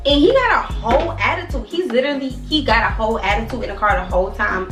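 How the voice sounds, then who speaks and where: A young woman in her twenties telling a storytime vlog in an animated, slangy, profane way. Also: on the high side, fairly quick, few pauses. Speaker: vlogger. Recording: echoey room from a distance, faint music.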